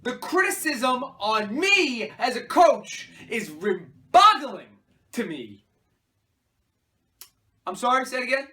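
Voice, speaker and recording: A man's voice: very high-pitched, big pitch swings, takes it slowly, long pauses, pitched above the performer's own voice, full character voice. A man doing a furious, hot-headed football coach. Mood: ranting. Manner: defensive, snapping, shouting at reporters. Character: furious losing male football head coach, hot-tempered. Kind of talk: mock press conference.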